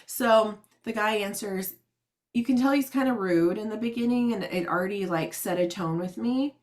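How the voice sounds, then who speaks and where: A woman chatting casually and telling a story, animated, acting out what people said and laughing often. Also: medium pitch, normal speed.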